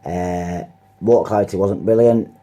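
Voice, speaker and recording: A man's voice: low-pitched, normal speed, mellow, dry recording, dull audio. A man talking casually to camera as a fishing vlogger, rambling with lots of fillers. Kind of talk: casual vlog talk to camera. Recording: car noise in background.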